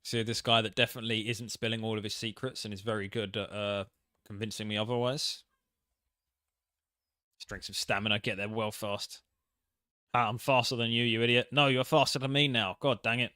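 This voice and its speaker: A man's voice: fairly low pitch, steady tone, moderate pace, pauses often, pushed and bright, clear, resonant tone, no room sound, clean studio sound. A man casually commenting on a game he is playing, joking and mocking himself as he reads the text aloud. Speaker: gaming channel host. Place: home setup, in England.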